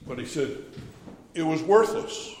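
A man preaching a sermon, emphatic and building to fervent shouts. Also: a little high, lively intonation, measured pace, echoey room, big-room sound, slight background noise.

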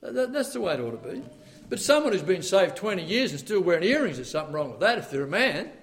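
Preacher guy with a high voice, sermon, punchy loud-soft swings, calls out amen?. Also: sing-song, fast talker. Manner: reads quotes aloud with emphatic swings in volume; asks the congregation for responses.

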